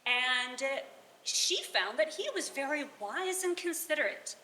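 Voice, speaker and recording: A woman telling a folk tale aloud at a live bardic gathering, animated and chuckling between lines. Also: sits high, unhurried, slight background noise. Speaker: storyteller. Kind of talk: live oral storytelling. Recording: roomy live venue.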